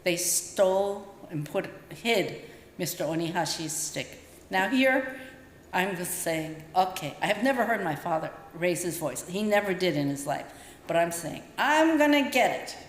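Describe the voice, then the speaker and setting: Speaking at a measured pace in a voice on the low side, an older woman shares personal stories in a dharma talk, giving voice to each person she quotes. The recording carries the faint ambience and roomy echo of the temple hall where she speaks.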